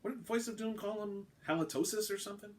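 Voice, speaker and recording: A man voicing a sarcastic, wisecracking human astronaut who speaks in quick, dry jabs. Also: sits high, voice pushed up, lightly acted.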